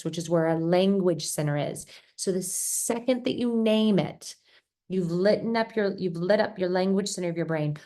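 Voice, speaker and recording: A middle-aged woman giving a gentle, reflective explanatory talk, often restarting her phrases. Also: medium pitch. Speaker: speaker on survivor mental health.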